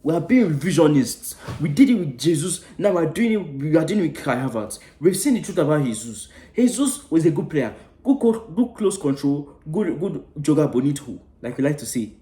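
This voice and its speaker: A man whose voice sits on the high side, with big pitch swings, reacts to a match on his football fan channel fairly quickly and with hardly any pauses. His preachy, impassioned rant is full of swearing and shifts between loud eruptions and hushed asides, in a roomy-sounding space.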